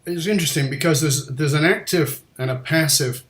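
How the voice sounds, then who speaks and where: Male host, slightly raised pitch. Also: fairly quick, fairly bright tone. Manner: brief affirming interjections. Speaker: interview host. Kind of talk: interview.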